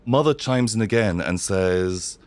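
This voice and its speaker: A man's voice: lowish voice, expressive, a little slow, no room sound. A man narrating as game master in a hesitant way with many fillers.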